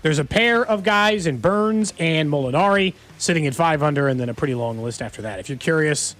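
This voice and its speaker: A man's voice: fairly high pitch, brisk, a bit bright. A man hosting a sports radio show, running through trending headlines in a jokey, casual way.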